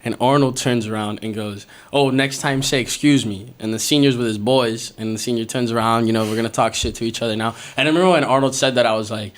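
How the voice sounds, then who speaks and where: A young man hosting a podcast, telling a story in a casual, animated way, with lots of swearing and laughter. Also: mid-range voice, fast, hardly any pauses. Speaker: podcast host. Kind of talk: casual storytelling among friends. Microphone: podcast studio mic.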